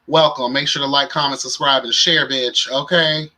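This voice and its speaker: A man's voice: mid-range voice, steady tone, normal speed, sharp tone. A man hosting a casual livestream and chatting with viewers in a sassy, playful way. He sounds tired. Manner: sassy and playful, calls viewers "child" and "honey". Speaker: livestream host.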